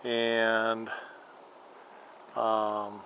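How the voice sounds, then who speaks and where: A man filming a casual how-to vlog about his scooter, rambling and halting with lots of fillers. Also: on the low side, completely flat delivery, a bit bright, slight background noise, poor audio. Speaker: vlogger showing a scooter horn install.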